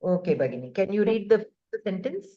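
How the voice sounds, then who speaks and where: A woman teaching a grammar class over a video call, explaining patiently step by step with many pauses and fillers. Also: mid-range voice, big pitch swings, highs cut off.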